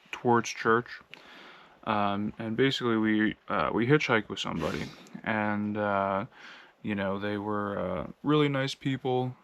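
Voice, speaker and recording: American guy rambling through a trail story, lots of ums, kinda low voice. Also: fairly bright tone, highs cut off. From United States. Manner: rambling, many fillers, laughs while telling. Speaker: long-distance walker vlogging. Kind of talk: casual storytelling vlog.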